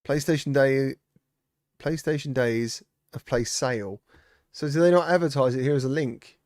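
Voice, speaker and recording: Chatty and at a moderate pace, a man hosting a casual live-stream greets viewers and reads out their comments. His medium-pitched voice is a little mellow, recorded at studio quality without echo.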